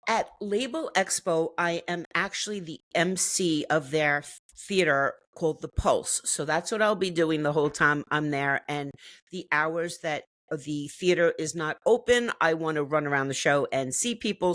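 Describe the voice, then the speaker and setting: A woman's voice: low voice, a bit bright, no echo. A woman from the United States chatting enthusiastically as an interview guest, now and then laughing as she talks. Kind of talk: casual interview chat.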